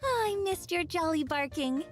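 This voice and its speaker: A bubbly young florist who runs her own little shop, her voice very high and bouncing all over the place. She chats sweetly and warmly to a dog as she speaks her game dialogue. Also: expressive, normal speed, soft background music. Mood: cheerful. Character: cheerful young woman florist shopkeeper. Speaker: game character.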